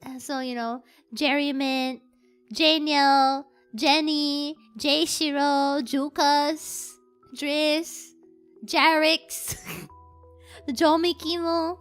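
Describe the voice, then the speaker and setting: Very high, bright, giggly streamer. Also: flat delivery, very slow, faint music behind. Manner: giggly, greets chat members by name. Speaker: live streamer. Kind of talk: casual live-stream chat.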